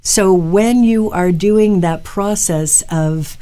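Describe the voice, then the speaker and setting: Mellow-voiced woman hosting a talk show. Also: mid-range voice, slow. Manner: earnest, advisory, speaks straight to listeners. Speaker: hypnotherapist and show host. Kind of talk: live radio talk show monologue.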